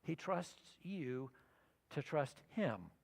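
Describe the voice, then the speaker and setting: A middle-aged man preaching a sermon as pastor, telling a personal story and acting out his own thoughts, sometimes loud and sometimes soft. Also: fairly high pitch, sing-song, drawn-out words, creaky. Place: church sanctuary. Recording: reverberant church sanctuary.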